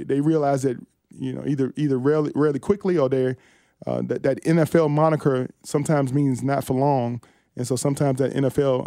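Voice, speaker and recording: A man who played linebacker, a guest on sports talk radio, talking in halting bursts with many restarts and fillers. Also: on the high side, dark tone, dry recording, studio quality. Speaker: former NFL linebacker, guest.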